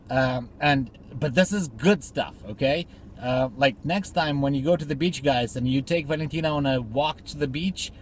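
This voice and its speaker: Crude, joking man with a faint background hum. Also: on the high side. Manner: crude, joking, then sentimental, heavy swearing. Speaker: friend giving a birthday video message. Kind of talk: casual recorded video message.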